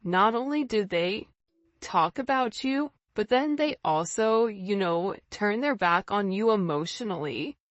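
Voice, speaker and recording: A woman's voice: medium pitch, animated, measured pace, no echo, lo-fi sound. A woman giving a casual, intuitive tarot reading, repeating words for emphasis. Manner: intuitive, repetitive, casual phrasing. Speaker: tarot reader.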